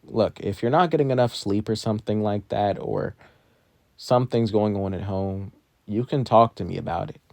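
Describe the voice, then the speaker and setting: A man's voice: fairly low pitch, normal speed, gravelly, a little mellow, no echo. A man voicing a weary but caring adult teacher who talks plainly. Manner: tired, plain-spoken.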